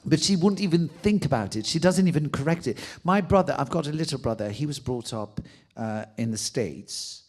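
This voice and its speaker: A man's voice: a little high, moderate pace, hardly any pauses. Playful French-accented man in Q&A. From France. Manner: playful, expressive, laughs often. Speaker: guest author and actor. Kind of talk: audience Q&A conversation.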